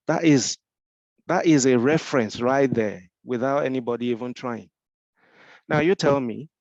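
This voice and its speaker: A man's voice: mid-range voice, creaky, a little mellow, dry recording, dull audio. A man with a Nigerian accent, mentoring in a Q&A discussion, explaining with rhetorical questions and frequent repeated restarts.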